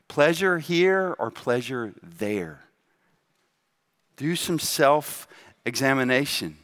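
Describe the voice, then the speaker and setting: Middle-aged guy preaching, bright tense voice, keeps asking "right?". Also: medium pitch. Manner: conversational preaching with rhetorical questions, often adding "right?". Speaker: pastor. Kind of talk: sermon.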